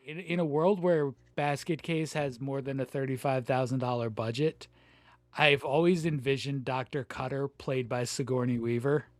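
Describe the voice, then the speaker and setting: A man co-hosting a podcast who chats casually about a film, sharing trivia and tossing in quick agreements. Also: mid-range voice, fairly even intonation, no echo. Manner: chatty, shares trivia, repeats short agreements. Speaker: podcast co-host.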